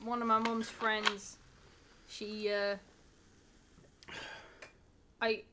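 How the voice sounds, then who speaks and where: A woman's voice: mid-range voice, level tone, very slow, noisy background. A woman co-hosting a casual stream, telling stories in a chatty way. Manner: chatty storytelling with fillers. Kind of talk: casual chat.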